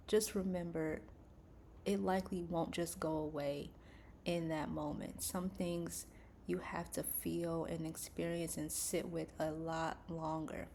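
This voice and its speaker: A woman talks slowly and gently, as if soothing a friend, her voice sitting a little low. Now and then she drops into soft breathy asides. A faint hum of room noise sits behind her. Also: little pitch movement. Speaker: faith and wellness vlogger. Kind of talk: calm reflective talk to camera.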